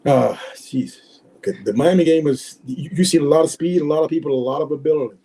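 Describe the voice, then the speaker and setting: A man in his sixties, a former football player, telling animated stories in an interview and acting out the people he quotes. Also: fairly high pitch, fast, slightly rough, low-quality recording. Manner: animated storyteller, acts out quoted voices. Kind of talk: storytelling interview.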